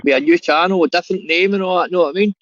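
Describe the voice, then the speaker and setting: A man's voice: sits high, very fast, fairly bright tone, dry recording. A man chatting on a livestream panel, chummy and swearing, always calling people mate. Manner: chummy, calls everyone mate, swears a lot. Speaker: panel guest. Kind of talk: casual banter on a livestream panel. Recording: dull, very dry voice-call audio.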